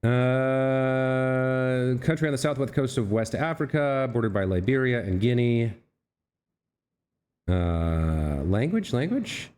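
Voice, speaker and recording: A man hosting a let's play thinks aloud while working through a puzzle, frequently correcting himself and speaking to the figures on screen. His mid-range voice is smooth and a little mellow, and he takes his time.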